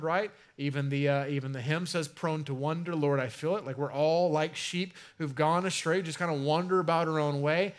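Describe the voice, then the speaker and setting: A male pastor with a slightly higher-than-usual voice, preaching in an easygoing, conversational way. He leans into key words, stretching and lifting them for emphasis. It sounds like a young adult speaking from the pulpit. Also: a bit bright. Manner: conversational preaching with emphatic swells and drawn-out stresses. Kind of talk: sermon.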